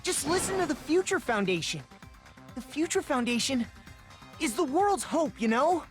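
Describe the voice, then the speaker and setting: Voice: high voice, sing-song, normal speed, soft background music. A voice actor playing a young impostor who insists that everyone trust him, in a game. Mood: insistent.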